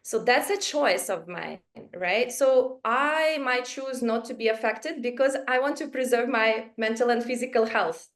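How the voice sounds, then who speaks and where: Woman panelist on a video call, higher voice, calm and measured. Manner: calm, measured, asks herself questions. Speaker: webinar panelist. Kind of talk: reflective webinar talk.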